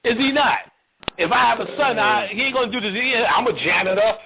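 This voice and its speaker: A man's voice: high voice, a little fast, vocal fry. A man giving a blunt, mocking spiritual lecture full of profanity and street slang. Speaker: lecturer on occult and spiritual topics. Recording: tinny phone-like line with faint noise.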